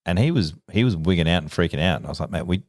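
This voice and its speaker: Australian cop, very low rumbling voice, dry close mic, quick animated storyteller. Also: male voice, dry recording. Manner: animated storyteller, acts out quoted dialogue, laughs often. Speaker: police officer. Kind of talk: casual podcast chat.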